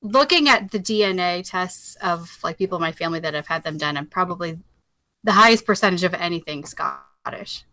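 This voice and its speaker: A woman's voice: on the low side, lively intonation, brisk, pushed and bright, dry recording. A woman chatting casually on a group video call, rambling and laughing often.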